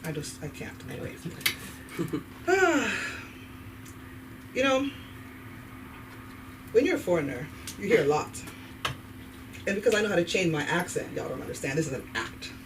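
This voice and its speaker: A Nigerian woman in her fifties doing a stand-up comedy set in a club, animated and switching between voices. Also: on the low side, moderate pace, long pauses. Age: 50s. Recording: distant mic, noisy room. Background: audience laughter.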